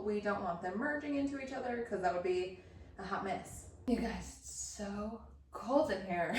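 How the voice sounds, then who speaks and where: A woman's voice: mid-range voice, slight background noise. A woman vlogging as she bakes, talking casually with a chatty, self-deprecating humor. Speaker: baking vlogger. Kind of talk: casual chat while baking. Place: cold kitchen. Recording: roomy, from a distance.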